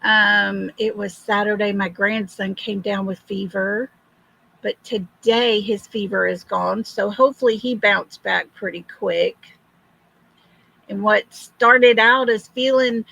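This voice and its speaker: Older woman, hoarse livestream host: slow, gravelly, husky. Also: medium pitch, fairly even intonation, bright, forceful tone, rough recording. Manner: slow, friendly greetings to viewers. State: hoarse from illness. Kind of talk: casual livestream chat.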